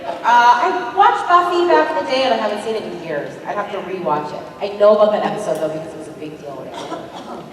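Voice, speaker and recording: Lively laughing woman in an echoey hall. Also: mid-range voice, fast talker. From Canada. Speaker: convention panel guest. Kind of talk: casual panel talk. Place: large convention hall. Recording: echoey hall from far off, crowd noise.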